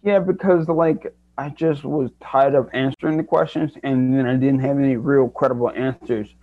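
A man's voice: medium pitch, fairly even intonation, moderate pace, no room sound. A young man, a guest in an interview, telling his own story in an earnest, reflective way and often restarting his sentences. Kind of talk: candid personal story. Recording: dry, dull lo-fi sound.

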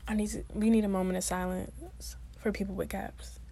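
A woman's voice: mid-range voice, fairly even intonation, brisk, dark tone. A young woman vlogging in a casual, chatty way, full of slang and fillers, speaking straight to her viewers. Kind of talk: casual talk to camera.

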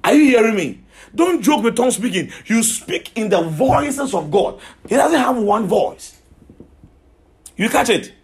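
A man's voice: very high voice, animated, a little slow. A man preaching a sermon, emphatic, repeating himself and asking his listeners questions.

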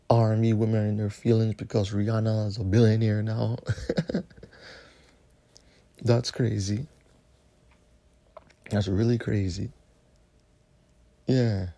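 A man's voice: lowish voice, dark tone. A man hosting a podcast, ranting alone with heavy profanity and slang. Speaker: podcast host. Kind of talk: solo podcast rant.

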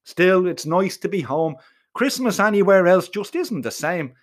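A man with an Irish accent telling a comic first-person story in a profane, colloquial and animated way. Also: high voice, unhurried. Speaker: narrator.

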